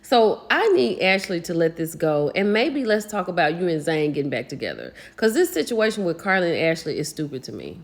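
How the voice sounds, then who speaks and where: A woman's voice: lowish voice, a little fast, few pauses. A woman, chatting casually as she recaps a reality show, gossiping and acting out what people said. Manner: animated, gossipy, acts out quotes.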